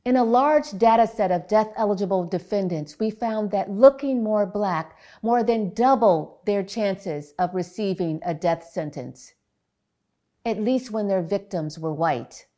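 Slow, measured woman giving a talk. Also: mid-range voice, dark tone. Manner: measured, deliberate storytelling. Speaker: psychologist. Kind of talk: public talk.

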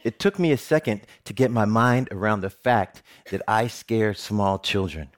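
A middle-aged man, a television reporter, telling a personal story in a talk with animated, joking delivery. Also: moderate pace. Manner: animated, jokey storytelling with big pitch swings.

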